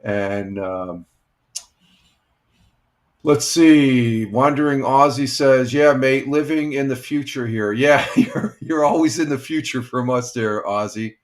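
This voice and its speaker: A man's voice: mid-range voice, takes it slowly. A man in his sixties, a retired firefighter, hosting a casual morning live stream and chatting with viewers in a rambling, easygoing way with many fillers. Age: 60s.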